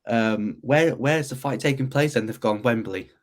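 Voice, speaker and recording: A British man as a guest on a podcast, talking in a relaxed, conversational way. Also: mid-range voice, normal speed. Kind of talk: casual podcast chat.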